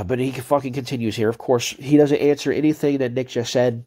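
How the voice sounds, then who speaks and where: A man's voice: medium pitch, fairly even intonation, moderate pace, a little mellow. A man giving heated, profane commentary on chat messages he reads out, ranting and cursing as a video creator.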